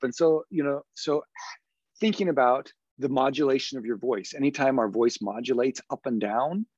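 A man's voice: medium pitch, moderate pace, darkish tone, breathy edge, no echo, dull audio. A man, a podcast guest and education consultant, explaining earnestly in a conversational interview. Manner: earnest, explanatory, demonstrates tones of voice.

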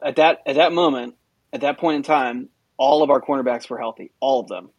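A man's voice: mid-range voice, huge pitch swings, a little fast, vocal fry, no room sound, highs cut off. A man in a casual podcast chat, chiming in with pointed follow-up remarks. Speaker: podcast co-host.

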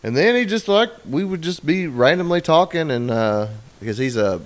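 A man's voice: on the high side, expressive, moderate pace. Guy rambling thru a crude story, swears a lot, does little voices for people. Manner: rambling, profane, acts out quoted voices. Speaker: podcast storyteller.

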